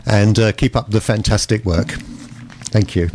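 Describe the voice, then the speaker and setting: Halting, effusive male radio host. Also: lowish voice, fairly even intonation, noisy background. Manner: halting, with many fillers and restarts; effusive praise. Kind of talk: community radio interview.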